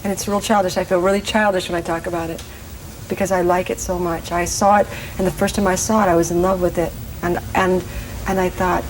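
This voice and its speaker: A woman's voice: fairly low pitch, level tone, a little hiss or hum, low-quality recording. A woman in her forties, a guest actress in a casual TV interview, talking earnestly and restarting her sentences often. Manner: earnest, halting, many restarts.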